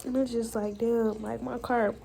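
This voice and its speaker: A woman's voice: a little high, flat delivery, normal speed, creaky, mellow, low-quality recording. Frustrated young woman venting on her vlog. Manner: venting, frank and profane, Southern US slang. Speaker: vlogger. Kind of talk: personal vlog confession.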